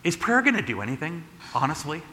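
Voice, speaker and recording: Bright-voiced man preaching in a hall. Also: a little high, fast. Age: adult. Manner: conversational, animated retelling with frequent "like" and "right?". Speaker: pastor. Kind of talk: sermon.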